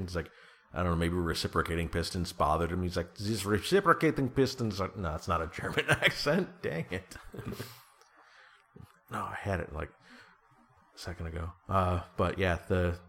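A man's voice: low voice, normal speed, fairly bright tone. A man in his thirties chatting casually on a podcast, rambling and self-deprecating with a joking manner. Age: 30s. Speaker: podcast co-host. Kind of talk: casual chat.

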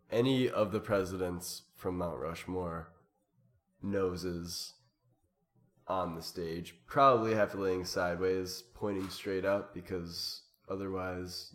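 A man's voice: low-pitched, fairly even intonation, measured pace. A man chatting casually on a podcast, hesitant and rambling, with lots of ums and bursts of laughter. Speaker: improv performer.

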